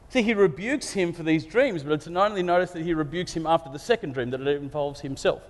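A man's voice: on the high side, fast talker, few pauses. A man preaching a sermon, retelling a story with playful asides. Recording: long hall reverb.

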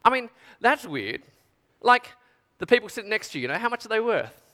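A man tells stories to an audience in an animated, chatty way, full of asides. His voice sits high and sounds bright. A long hall reverb trails his words. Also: brisk. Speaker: speaker addressing an audience. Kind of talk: storytelling talk.

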